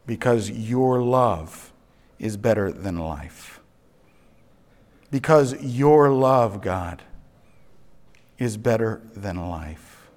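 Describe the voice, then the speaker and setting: A man preaching a sermon. He swings from hushed, low phrases to loud, emphatic ones and stretches out key words slowly. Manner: dramatic swings between soft and loud, slow emphatic phrasing. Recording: long reverb of a large hall.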